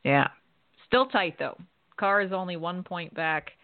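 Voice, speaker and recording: Woman co-host, lower register, wry delivery, dead-dry phone-quality audio. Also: a little slow, dry recording. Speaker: podcast co-host. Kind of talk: hockey radio talk and scripted sponsor read. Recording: tinny phone-line sound, dry.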